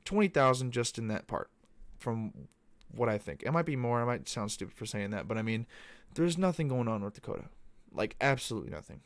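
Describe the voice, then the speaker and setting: A man's voice: mid-range voice, lively intonation, brisk, dry recording. Rambling, profane young man, dry sound. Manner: loose, profane, meandering. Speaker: podcast host. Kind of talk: casual rambling monologue. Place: Arizona.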